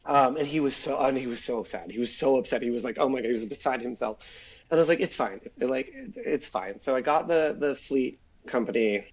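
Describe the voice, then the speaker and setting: A man telling a story on a podcast, filled with ums and likes, who jumps up in pitch to act out the people he quotes. His voice sits mid-range. The recording sounds a little dull and lo-fi. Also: fast, breathy edge. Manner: animated storyteller, acts out quotes, many fillers. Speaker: guest, former automotive PR man.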